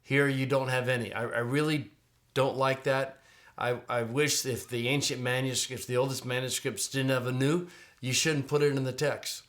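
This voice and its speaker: A middle-aged man talking through a Greek text on his screen, like a teacher at his desk. He speaks casually and conversationally, repeating words and restarting his phrases, with a plain, mid-pitched voice. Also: fairly even intonation, moderate pace, fairly bright tone.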